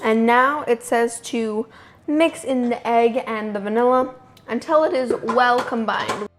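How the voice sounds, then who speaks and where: A woman's voice: a little high, unhurried, a little hiss or hum. Chatty young woman baking at home. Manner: chatty, self-amused, talks while working in the kitchen. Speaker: home baking video host. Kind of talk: casual cooking tutorial narration. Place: home kitchen.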